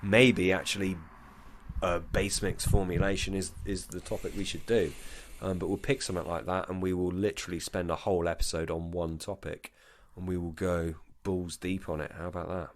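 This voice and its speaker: A man's voice: sits low, little pitch movement, moderate pace. A drunk man co-hosting a podcast in casual chat, rambling and swearing as he goes off on tangents. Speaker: podcast co-host.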